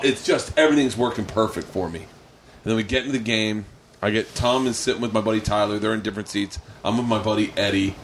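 A man's voice: on the low side, slight background noise. A man hosting a podcast, telling a long rambling story in casual chat and acting out the quotes. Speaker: podcast host. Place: home man cave.

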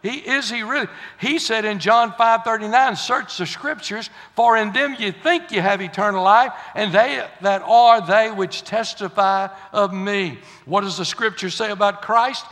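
A man preaching a sermon in a church, folksy and building to fiery shouts. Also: high voice, a little slow, few pauses. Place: church sanctuary. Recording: long hall reverb.

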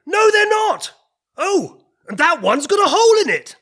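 A man playing the fussy, exasperated king of the fairies in a comedy sketch, given to shouted outbursts. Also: very high-pitched, very animated, normal speed, exaggerated voice.

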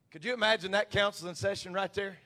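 A male pastor preaching a sermon, swinging from quiet confiding talk to shouted, impassioned preaching. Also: high voice.

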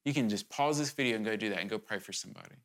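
A man's voice: on the low side, rapid-fire, fairly bright tone. A man preaching a sermon to his congregation, earnest and urgent, talking conversationally with candid asides and sudden emphatic rises.

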